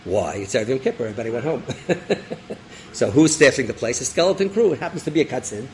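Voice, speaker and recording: A rabbi telling a story in a sermon, animated, acting out voices and dropping in Hebrew terms. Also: male voice, medium pitch, fast talker, slight background noise, rough recording. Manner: animated storyteller, acts out characters, laughs; sprinkles Hebrew and Yiddish terms.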